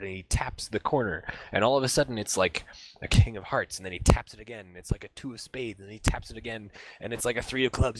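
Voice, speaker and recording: A man's voice: mid-range voice, fairly quick, slight background noise. A young man narrating a tabletop role-playing game as game master, rambling and full of fillers. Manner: rambling, filler-heavy storytelling.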